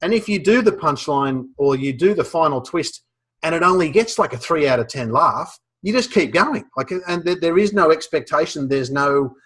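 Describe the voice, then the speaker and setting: A man with an Australian accent giving casual advice on humor, relaxed, with many fillers and restarts. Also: fairly high pitch, moderate pace, breathy edge. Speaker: guest speaker on humor.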